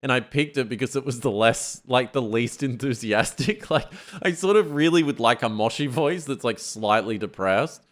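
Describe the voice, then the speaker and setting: Brief: male podcast co-host, mid pitch, easygoing filler-heavy chat. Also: animated, moderate pace, hardly any pauses. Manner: loose, filler-heavy, uses "like" a lot. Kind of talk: casual tech podcast chat.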